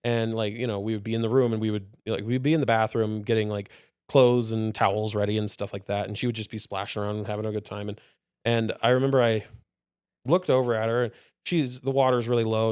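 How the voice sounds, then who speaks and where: A man's voice: on the low side, level tone, fast, a little mellow, clear, resonant tone, no room sound, studio quality. A man co-hosting a casual podcast, telling a long story with laughter and swearing. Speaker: podcast co-host.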